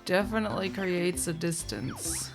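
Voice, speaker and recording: Low gravelly woman casually commentating. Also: lively intonation, music in the background. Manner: chatty, rambling, laughs often, quick to apologize. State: sleepy, yawning. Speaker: race commentator.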